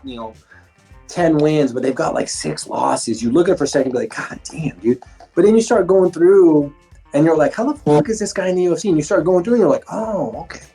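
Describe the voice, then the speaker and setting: A middle-aged man, a former fighter turned police instructor, telling stories in casual, profane interview chat. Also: mid-range voice. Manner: profane, animated storytelling with acted-out quotes.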